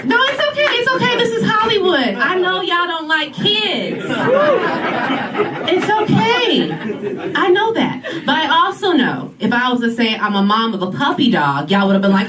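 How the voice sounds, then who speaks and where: A woman's voice: high voice, big pitch swings, normal speed, recorded from a distance. A brash woman in her forties doing a stand-up comedy set, calling the audience y'all. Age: 40s. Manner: brash, sassy, addresses crowd as y'all. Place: comedy club stage. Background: loud audience laughter.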